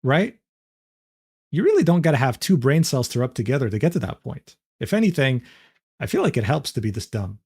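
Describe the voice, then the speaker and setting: A man's voice: medium pitch, very animated, a little fast, mellow, breathy edge. A young man reacting to a clip on stream, incredulous and swearing, breaking into laughter often. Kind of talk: casual reaction commentary.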